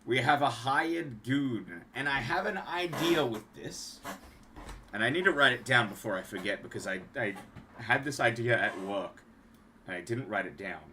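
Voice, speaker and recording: A man's voice: mid-range voice, expressive, moderate pace, sharp tone, a little hiss or hum. A young man, rambling casually on a livestream as he shows off card designs he made, trailing off and restarting often. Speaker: streamer and card game designer.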